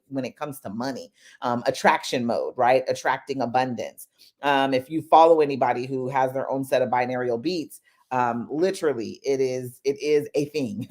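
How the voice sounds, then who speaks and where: A woman hosting a casual motivational talk in a chatty, animated way. She tells stories with lively asides and speaks straight to her listeners. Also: rumbling low. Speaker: host.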